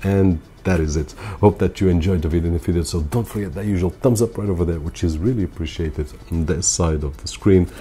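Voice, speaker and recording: Male tech reviewer; deep, dark voice; relaxed, explanatory delivery with recurring stock phrases. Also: a little fast, hardly any pauses. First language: Portuguese. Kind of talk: casual product review to camera. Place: home.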